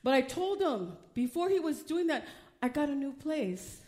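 Woman preaching her testimony, goes quiet then loud, pretty emotional, voice a bit high. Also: big pitch swings, normal speed. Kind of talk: testimony sermon.

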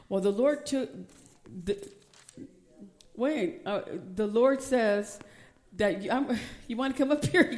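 A middle-aged woman preaching a sermon, reading scripture aloud and rising to loud, emphatic calls. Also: medium pitch.

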